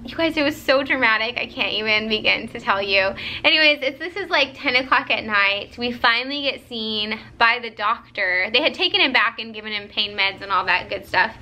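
A young woman vlogger, tired, chatting casually to camera and telling a story in an animated way with lots of fillers. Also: on the high side.

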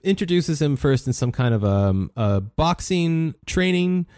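A man's voice: on the high side, sing-song, a little slow, a little mellow, no echo, clean studio sound. A man co-hosting a casual podcast discussion, chatty and conversational. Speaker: podcast co-host.

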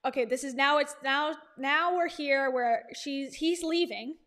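A woman with a notably high voice talks through a reaction commentary in a loose, chatty way. She leans sarcastic and drops laughing asides between points. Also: unhurried, a bit bright. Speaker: commentary host.

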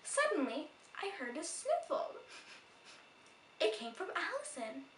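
A woman reading a children's storybook aloud in an animated, expressive way, in a roomy, distant recording. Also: very high-pitched, a little slow, slight background noise. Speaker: storybook reader.

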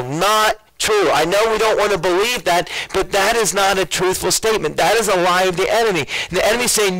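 A man's voice: high voice, fairly quick, hardly any pauses, a bit bright, poor audio. A man preaching a sermon as a pastor, calling out questions to his congregation. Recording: radio broadcast of a church sermon.

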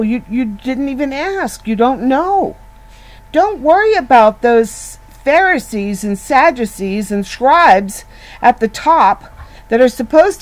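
A woman teaching from scripture in a slow, unhurried voice that sits a little high. She talks earnestly and conversationally, circling back and restarting her phrases as she works through a point. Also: darkish tone, low-quality recording. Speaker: Bible teacher. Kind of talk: informal Bible teaching.

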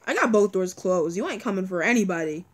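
A woman's voice: mid-range voice, animated, fast talker. A young woman commenting on a video game as she plays, anxious and pleading, often repeating words and crying out. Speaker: gaming video creator. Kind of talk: let's-play commentary.

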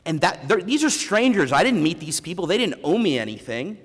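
A man giving a keynote speech, telling a candid personal story with self-deprecating humor and halting restarts, on a lavalier mic. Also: sits high, big pitch swings, fairly bright tone, slightly rough. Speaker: keynote speaker. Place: large conference hall before an audience. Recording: long hall reverb.

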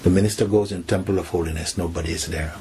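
A man, a spiritual teacher, telling a teaching story softly and acting out the characters' lines. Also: low voice, steady tone, quick pace, creaky, noisy background.

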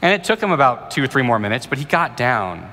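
A man's voice: medium pitch, very animated, fast talker, bright, forceful tone. A male pastor in his thirties preaching and answering questions in an earnest, conversational way, often restarting phrases. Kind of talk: sermon with Q&A. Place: church auditorium. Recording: reverberant church hall.

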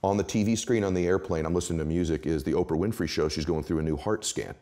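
A middle-aged man speaking as an interview guest, telling motivational stories with emphatic, animated delivery. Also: deep voice, fast.

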